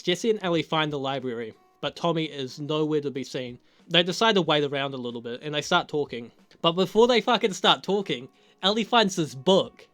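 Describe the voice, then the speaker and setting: A young man recaps a TV episode in a loose, rambling, foul-mouthed way, breaking into laughter now and then. His voice sits a little on the high side. Soft music plays faintly underneath. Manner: casual, heavy swearing, laughs often. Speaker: TV show reviewer. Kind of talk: casual spoken review.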